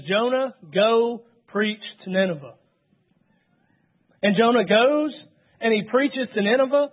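A man preaching a sermon, retelling scripture in a storytelling way. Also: high-pitched. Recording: tinny phone-like sound.

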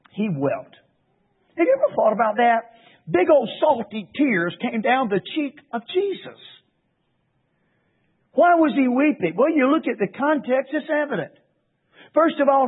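A preacher with a strikingly high, husky male voice fires impassioned rhetorical questions at his congregation. The audio is thin and tinny, as if heard over a phone line. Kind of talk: sermon. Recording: tinny phone-like radio broadcast.

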